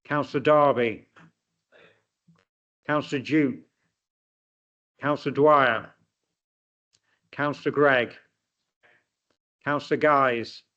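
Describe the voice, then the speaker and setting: A man calling a roll call of names at a council meeting, reading them in a flat, list-like way. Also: mid-range voice, slow pace, pauses often. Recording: dull, lo-fi chamber audio.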